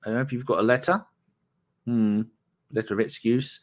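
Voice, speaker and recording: A man's voice: medium pitch, steady tone, moderate pace. A man hosting a casual live-stream podcast, rambling, reading out viewer comments and stumbling over names. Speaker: podcast host.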